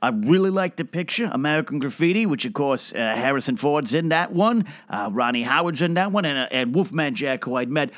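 A man's voice: on the high side, expressive, a little fast, few pauses, fairly bright tone, no echo, studio quality. A man playing a boastful, rambling old Hollywood producer who name-drops and restarts his sentences in a comedic monologue. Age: older. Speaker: film producer character.

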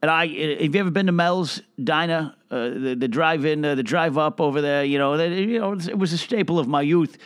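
Pitched on the high side, this man speaks fairly quickly and smoothly with hardly any pauses, in a dry, clean studio recording that sounds close to everyday speech. He's playing a braggy, older Hollywood producer who name-drops and restarts sentences in a comic monologue.

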